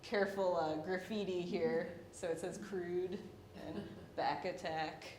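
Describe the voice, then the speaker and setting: A woman's voice: fairly even intonation, measured pace, darkish tone. Wry young woman in an echoey room. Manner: wry, self-deprecating, laughs between points. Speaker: artist presenting her paintings. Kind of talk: artist talk about her work. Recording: echoey room with faint rumble.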